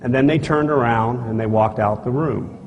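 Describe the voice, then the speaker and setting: A man giving a live conference talk, telling a personal story in a blunt, folksy way, acting out dialogue and often clearing his throat. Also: medium pitch, normal speed, highs cut off. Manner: animated storyteller who acts out dialogue and gestures; blunt and folksy, with frequent asides to the audience. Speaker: speaker at a conference. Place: stage in a large conference hall. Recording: archival talk, echoey hall, faint noise.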